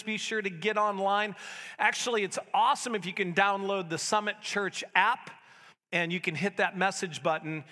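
A high, bright male voice preaching in a church sanctuary, mixing scripture with casual asides to his congregation. His words ring out with a long reverb from the large hall. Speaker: pastor. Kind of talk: sermon.

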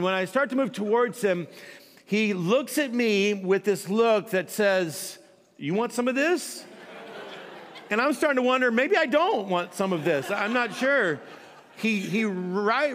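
High-voiced pastor telling a funny story. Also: male voice, a bit bright, big-room sound. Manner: humorous, self-mocking storyteller with laughs. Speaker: guest pastor. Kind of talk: storytelling sermon.

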